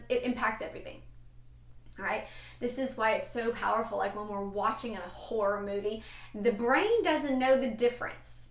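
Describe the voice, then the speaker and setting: A woman's voice: a little high, fairly bright tone, reverberant. A woman answering a viewer's question in a casual, chatty way, with fillers and light laughs as she explains.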